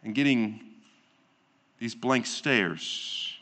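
A pastor delivering a sermon in a deliberate, emphatic way, repeating phrases and asking rhetorical questions. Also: male voice, mid-range voice, sharp tone. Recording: long reverb of a large hall.

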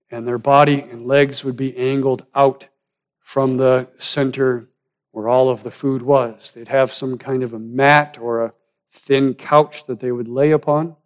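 Preacher with dramatic loud-soft swings. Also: male voice, medium pitch. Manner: swings from loud, rising emphasis to hushed, near-whispered lines. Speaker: pastor. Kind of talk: sermon.

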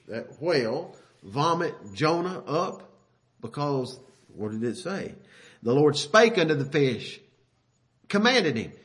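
A man's voice: fairly high pitch, a bit bright. A man preaching a sermon in a folksy, conversational way, reading scripture aloud and breaking off into asides and self-corrections. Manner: reads King James scripture aloud with emphasis.

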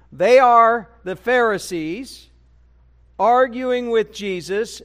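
High, smooth-voiced male preacher. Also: a bit bright. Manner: conversational preaching with rhetorical questions. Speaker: pastor. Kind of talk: sermon. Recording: church broadcast recording.

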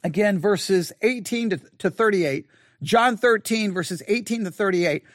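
High-voiced earnest male Bible study teacher. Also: dry recording, studio quality. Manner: repetitive, earnest, restarts and emphatic slow repeats.

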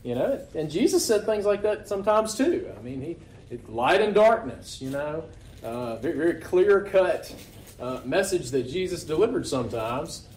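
A man's voice: fairly high pitch, very animated, moderate pace, a little mellow, a little hiss or hum. A man preaching a sermon to his congregation in a casual, conversational way, often asking rhetorical questions. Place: church. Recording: echoey room.

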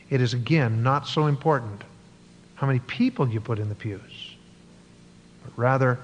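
A male pastor delivers a sermon at a steady middle pitch, leaning on key words and rolling through long lists before closing in prayer. His voice carries a long reverb from the church hall, with a faint hiss of noise underneath. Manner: earnest preaching with stretched key words and a long listed series. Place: church sanctuary.

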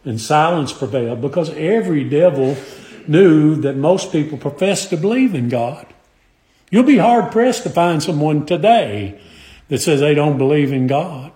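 High-voiced emphatic male preacher, echoey. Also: lively intonation, dark tone. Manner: emphatic, drawn-out phrasing with old scripture wording. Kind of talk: sermon. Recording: echoey room.

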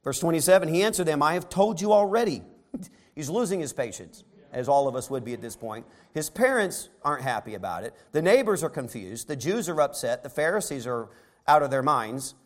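A man preaching a sermon who reads scripture aloud and then retells it in casual modern words, swinging between soft asides and loud emphatic stretches. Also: mid-range voice, very animated, a little fast.

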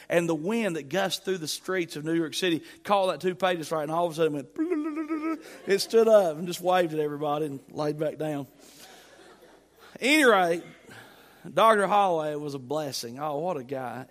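A middle-aged man preaching from the pulpit, his voice sitting a bit high for a man. He drives his points with emphatic, building repetition and eases into humorous storytelling. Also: normal speed. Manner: emphatic, rising to loud peaks, storytelling with humor. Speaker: pastor. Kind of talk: sermon.

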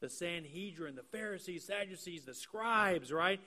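A man preaching an expository sermon. He explains the text earnestly and slows down to stress key phrases. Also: high voice, expressive, sharp tone. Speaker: pastor.

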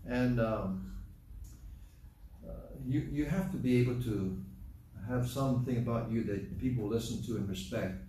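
A man's voice: mid-range voice, unhurried, pauses often, mellow, a little hiss or hum. A man preaching a conversational sermon, full of rhetorical questions and chatty asides, recorded from a distance in a church hall. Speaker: pastor. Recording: distant mic, echoey room.

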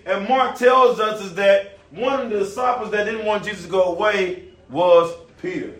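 Male preacher with a high, animated voice, caught from across an echoey room. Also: moderate pace, distant mic. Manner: animated, folksy, talks directly to the audience. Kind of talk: sermon. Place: nursing home room. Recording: echoey room, recorded from afar.

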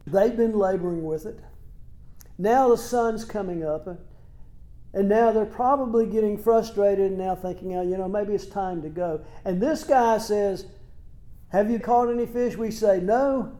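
A man's voice: high-pitched, mellow. A man preaching a sermon in a plain, conversational way, asking rhetorical questions and retelling scripture in everyday words. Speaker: pastor. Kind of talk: expository sermon.

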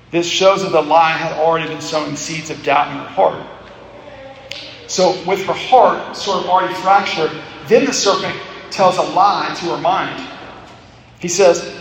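A pastor delivers an expository sermon with a fairly high, gravelly voice, asking his listeners rhetorical questions. He is picked up from some distance in a church hall with a long, roomy echo. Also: normal speed, fairly bright tone, a little hiss or hum. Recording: echoey hall, distant mic.

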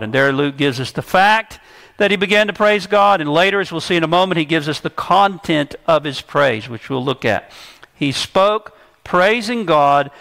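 A male preacher with a high voice works through scripture verse by verse. His tone is bright and forceful, and he leans hard on the words he wants to land. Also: gravelly. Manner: emphatic, stresses key words. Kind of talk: expository sermon. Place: church service.

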